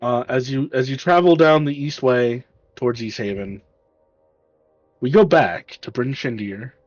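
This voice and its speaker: Halting male game master, dull sound. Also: medium pitch, no echo, faint music behind. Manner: casual, halting narration with restarts. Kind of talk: narrating a tabletop game.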